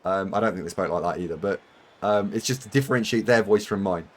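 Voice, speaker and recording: Low-pitched and fast-talking, a man from the United Kingdom streams a game while chatting with viewers. His talk is casual and rambling, with self-mocking humor and frequent laughs.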